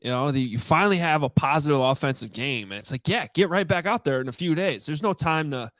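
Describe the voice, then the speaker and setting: A man's voice: a little high, expressive, quick pace, a bit bright, no echo, clean studio sound. A man co-hosting a sports podcast in casual, chatty talk, often restarting his sentences. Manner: chatty, many restarts and fillers. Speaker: podcast co-host.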